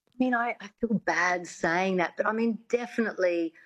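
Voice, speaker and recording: A woman's voice: mid-range voice, moderate pace, low-quality recording. A woman accent coach talking as an interview guest, chatty and full of restarts.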